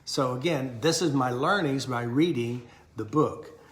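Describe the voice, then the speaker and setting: A man's voice: medium pitch, unhurried. A middle-aged man with an ordinary mid-range voice tells personal stories in a folksy, repetitive way. He acts out remembered dialogue as he goes. The sound carries a noticeable room echo. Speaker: self-help teacher. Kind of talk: personal storytelling.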